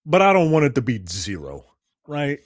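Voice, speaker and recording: A man's voice: mid-range voice, wildly swooping pitch, normal speed. A man co-hosting a film review podcast, chiming in casually with incredulous asides.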